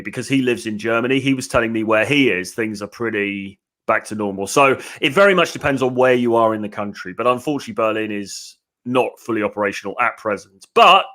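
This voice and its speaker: A British man in his younger years hosts a podcast in easy casual chat. He talks in chatty asides, often restarts his phrases, and his voice sits at an ordinary middle pitch. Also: pushed and bright. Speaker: podcast host.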